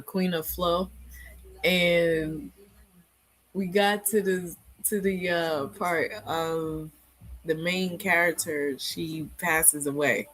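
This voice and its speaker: Woman, book club regular; unhurried, rambling delivery full of fillers, low register. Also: rough recording. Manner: rambling, hesitant, many fillers. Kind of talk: casual book chat.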